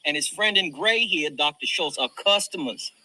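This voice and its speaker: An actor playing a smooth, menacing male plantation owner in a film, teasing and commanding. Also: fairly high pitch, expressive, normal speed, pushed and bright, heavily acted, poor audio.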